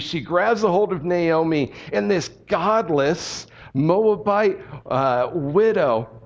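A man with a high voice preaches with lively, direct storytelling, talking to the room like a friend. The sound is dull and muffled, as if from a low-fidelity recording. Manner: animated storytelling, conversational and direct. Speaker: pastor. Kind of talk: sermon.

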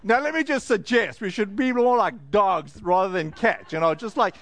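A man preaching a sermon in a conversational, joking way, full of fillers and slowed-down emphasis. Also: high voice, fairly bright tone. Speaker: pastor.

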